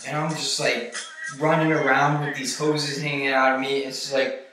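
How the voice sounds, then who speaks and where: A man recounting a personal experience in a halting, rambling way, full of fillers and swearing. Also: medium pitch, little pitch movement. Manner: halting, filler-heavy, profane. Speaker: vlogger recounting a trip. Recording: very echoey, distant mic, music behind.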